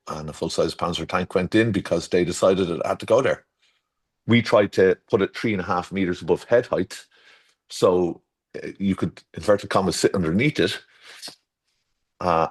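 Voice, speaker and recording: Low-voiced man telling rambling stories. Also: normal speed, breathy edge. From Ireland. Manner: rambling and self-correcting, with storytelling asides. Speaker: garden designer guest. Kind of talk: casual interview chat.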